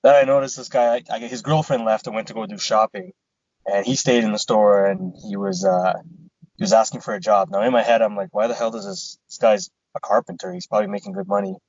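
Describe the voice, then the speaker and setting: A man co-hosting a podcast speaks fast in a lowish voice, casually telling a story packed with swearing. He animatedly retells it with quoted back-and-forth dialogue. The sound is lo-fi with no room sound.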